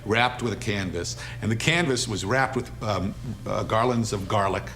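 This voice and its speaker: A man's voice: fairly low pitch, normal speed, fairly bright tone, slight background noise. A man in an interview, animatedly recounting a story with amusement.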